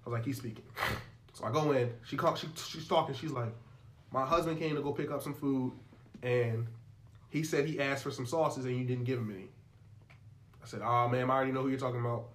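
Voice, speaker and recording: A man's voice: mid-range voice, steady tone, a little fast, a bit bright. A young man in casual chat, animatedly telling a profane work story and acting out both sides of the dialogue.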